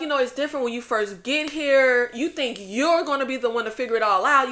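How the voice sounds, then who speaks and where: A woman's voice: on the high side, bright, forceful tone. A young woman hosting a TV episode recap, venting bluntly and animatedly with plenty of profanity. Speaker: TV show recap host.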